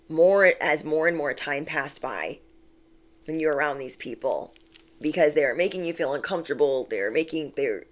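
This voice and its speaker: A woman giving a chatty, animated tarot reading to camera, repeating key phrases to reassure. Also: low voice. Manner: chatty and animated, acts out quoted voices. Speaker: tarot reader.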